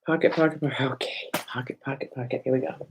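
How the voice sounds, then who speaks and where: A woman's voice: extremely low pitch, steady tone, fast, noisy background. Chatty middle-aged woman crafting at home. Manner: chatty, thinks aloud, talks to herself and viewers by name. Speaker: craft livestream host. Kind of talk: casual crafting demo chat with viewers.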